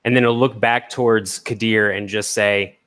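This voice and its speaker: A game master narrating a tabletop scene in a measured, descriptive way. His voice sits low, with a bright, forceful edge. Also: fairly even intonation, clear, resonant tone.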